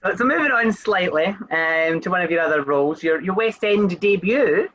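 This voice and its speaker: A man's voice: high voice, animated, moderate pace, a bit bright, slight background noise. Hesitant male host on a dull line. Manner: hesitant, restarts questions. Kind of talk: casual interview. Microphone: video call.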